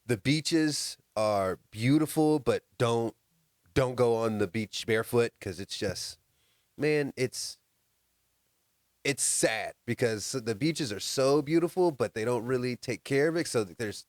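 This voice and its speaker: A man's voice: mid-range voice, expressive, unhurried, no room sound, clean studio sound. A man co-hosting a podcast in casual chat, laughing often and telling stories with animation. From United States. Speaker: podcast co-host.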